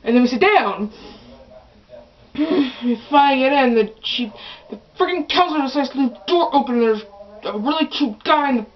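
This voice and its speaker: A woman's voice: sits high, lively intonation, moderate pace, highs cut off. A young teenage girl telling a rambling, chatty story for her vlog, often restarting her sentences. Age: early teens. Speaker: vlogger.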